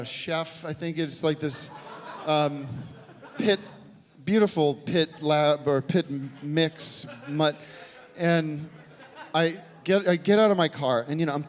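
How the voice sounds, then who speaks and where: A man doing a live stand-up comedy set, telling a long deadpan rambling story with halting restarts. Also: on the high side. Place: live comedy venue with audience. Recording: live show recording with faint crowd.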